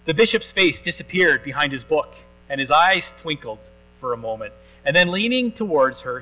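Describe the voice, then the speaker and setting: A male pastor preaching a sermon in a church, telling a story in a relaxed conversational way with frequent pauses and restarts. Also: on the high side, soft background music, rough recording.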